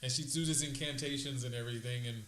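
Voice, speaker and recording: A man co-hosting a podcast, chatting eagerly and nostalgically in quick bursts. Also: mid-range voice, fairly even intonation, echoey room, noisy background. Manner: enthusiastic, nostalgic, fast bursts. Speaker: podcast co-host. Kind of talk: casual chat.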